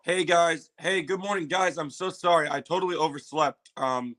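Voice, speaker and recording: Male streamer with a slightly high voice, casual and excitable, prone to loud swearing and repeated phrases. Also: moderate pace. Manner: excitable, exclaims and swears loudly; apologetic, repeats himself. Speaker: livestream host reacting to a trailer. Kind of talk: casual livestream chat.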